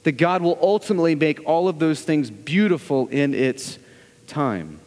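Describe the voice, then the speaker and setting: A man's voice: a little high, expressive, moderate pace, a little mellow. Earnest male preacher in a reverberant hall. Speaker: pastor. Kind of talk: sermon.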